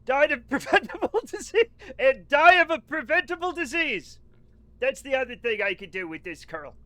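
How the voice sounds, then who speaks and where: A man's voice: high-pitched, sharp tone. A young adult man streaming a game, chatting casually and rambling through jokey stories. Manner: rambling, joking storyteller. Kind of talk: casual chat.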